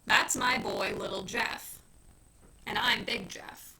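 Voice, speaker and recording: A woman reading aloud, voicing a grown man who hides with his family and speaks forcefully then kindly. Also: fairly high pitch, fairly even intonation, slow pace, full character voice, poor audio. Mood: earnest. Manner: forceful, then kind and hushed.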